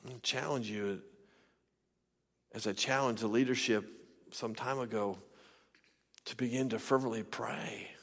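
A man preaching a sermon in a church, swinging between loud shouting and near whispers. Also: medium pitch, steady tone, a little slow, pauses often, long reverb tail. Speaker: pastor. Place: church sanctuary.

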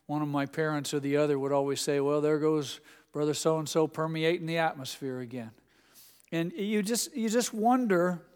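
A man preaching in a church with a clear, resonant voice pitched a little above the usual. He tells stories with gentle humor, and his words ring out with a long hall reverb. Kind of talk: sermon. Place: church sanctuary.

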